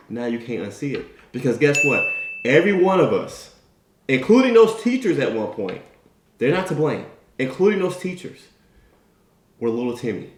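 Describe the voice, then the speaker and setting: A man's voice: mid-range voice, a little hiss or hum. A man giving an emphatic motivational talk. He tells a story and keeps asking his listeners "right?". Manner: emphatic, tag questions, storytelling. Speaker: motivational speaker. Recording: echoey room.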